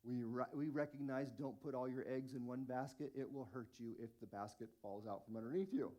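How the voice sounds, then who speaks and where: A man in his forties preaching a sermon as lead pastor, telling stories in an animated, self-mocking way. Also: medium pitch, brisk.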